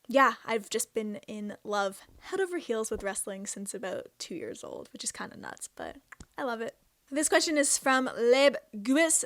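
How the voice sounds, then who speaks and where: A woman's voice: on the high side, fairly bright tone, no room sound, studio quality. A Canadian woman in her twenties hosting a casual question-and-answer vlog, chatty and self-amused. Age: 20s. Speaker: host.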